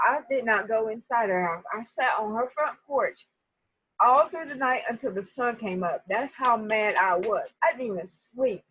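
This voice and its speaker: A woman telling a personal story to her viewers in a casual, animated way, often speaking to them directly. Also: mid-range voice, breathy edge, no echo, rough recording. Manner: animated, talks straight to viewers.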